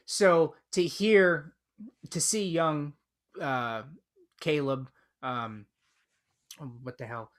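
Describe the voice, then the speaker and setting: A man's voice: on the high side, drawn-out words, long pauses. A man co-hosting a podcast, chatting casually and enthusiastically with lots of fillers and restarts. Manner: rambling, enthusiastic fan talk with frequent fillers. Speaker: podcast co-host. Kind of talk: casual chat.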